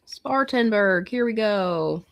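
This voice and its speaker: Slow, chatty woman streamer. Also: mid-range voice, expressive. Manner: chatty, talks to viewers, reads weather aloud. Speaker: livestream host. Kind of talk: casual livestream chat.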